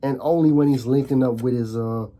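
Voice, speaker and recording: A commentary vlogger from the Netherlands rants casually to the camera in a steady, dark, medium-pitched voice at a fairly quick clip. He's repetitive, often starts over, and keeps posing rhetorical questions.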